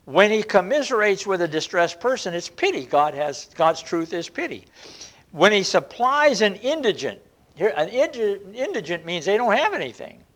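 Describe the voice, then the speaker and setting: A man preaching a sermon in an earnest way, often stretching key words slowly and restarting phrases. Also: sits high, very animated, a bit bright. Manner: earnest, drawn-out emphasis with frequent restarts.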